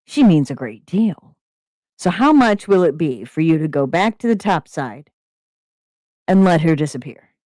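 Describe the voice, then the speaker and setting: A woman's voice: deep voice, big pitch swings, unhurried, long pauses, a little mellow, no echo. Woman doing a smug possessive crime boss. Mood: menacing.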